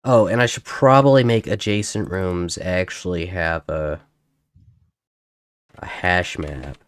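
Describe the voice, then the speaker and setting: A man streaming while he writes code, thinking aloud in a halting, self-correcting way. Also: low voice, clean tone. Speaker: game developer streamer. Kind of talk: casual live coding chat.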